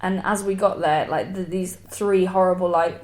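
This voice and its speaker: Woman, comedian, podcast co-host, casual chat, lively anecdote teller. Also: fairly low pitch, brisk, hardly any pauses. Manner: chatty storyteller who acts out voices in anecdotes. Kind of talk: casual comic chat about true crime.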